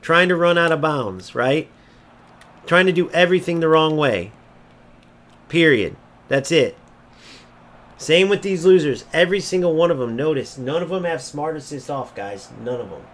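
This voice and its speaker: A man's voice: fairly high pitch, animated, moderate pace, a bit bright. A man streaming a football video game, ranting and mocking opponents while he swears freely. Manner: brash, mocking, insults opponents and swears often. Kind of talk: gameplay commentary rant.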